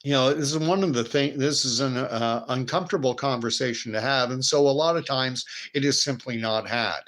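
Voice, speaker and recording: A man with a Canadian accent hosts a casual live-stream commentary. His voice sits at an ordinary middle pitch. He talks loosely and digressively, reading viewer messages aloud between asides. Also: a little fast, a bit bright. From Canada and the United States. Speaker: host.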